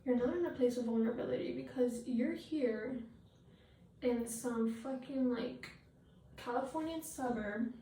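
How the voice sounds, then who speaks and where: A high-pitched woman speaks slowly and bluntly, swearing freely as she rants while doing her makeup. She often trails off into fillers. Her voice sounds distant and echoes around the room, with a faint hiss behind it. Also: warm tone. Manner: blunt, profane, ranting. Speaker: vlogger. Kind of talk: get-ready-with-me rant.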